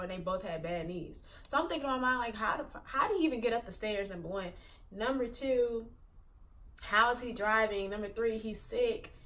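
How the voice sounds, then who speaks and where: A woman's voice: on the high side, a bit bright, recorded from a distance. A woman in her twenties telling a personal story to her channel in a rambling way, full of "like" fillers. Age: 20s. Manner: rambling, filler-heavy retelling with many "like"s. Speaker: vlogger. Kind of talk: casual storytelling.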